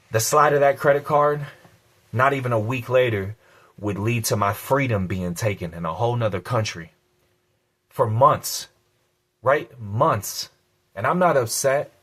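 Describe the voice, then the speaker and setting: A man with a mid-range, slightly bright voice tells a personal story on his vlog. He's blunt and a little profane, uses casual slang, and repeats key lines for emphasis.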